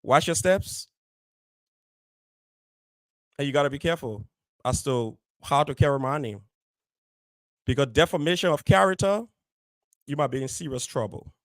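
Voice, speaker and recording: Man, show host, emphatic, repeats himself, higher voice, dry sound. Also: animated, moderate pace, no room sound. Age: adult, married. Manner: emphatic, repeats phrases for stress. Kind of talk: direct address on a community show.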